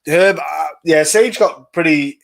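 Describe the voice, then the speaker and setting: A man's voice: on the high side, takes it slowly, creaky, fairly bright tone. Chatty man talking fights. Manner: chatty, reads viewer comments aloud; swears casually, says "man" and "brother". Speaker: podcast host. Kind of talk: casual fight predictions on a live stream.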